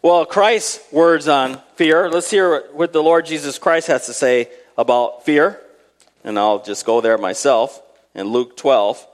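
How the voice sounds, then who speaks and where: Slow-speaking preacher in a reverberant hall. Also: male voice, mid-range voice. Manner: storytelling, conversational, with dramatic emphasis on scripture. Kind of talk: sermon with scripture reading.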